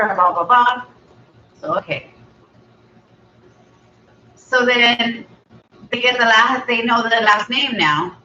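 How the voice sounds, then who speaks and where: A woman retells a story in a relaxed, rambling chat, her bright voice higher than most and her pace slow and easy. The room is echoey and she sits a little away from the mic. The sound is slightly dull, with a faint hum of ambience behind her. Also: distant mic. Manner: chatty, rambling storyteller with fillers. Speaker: mukbang channel host. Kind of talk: casual chat retelling a film plot.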